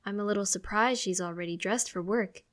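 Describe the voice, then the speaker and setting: A woman narrating a first-person audiobook in an expressive, conversational way. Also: mid-range voice, brisk.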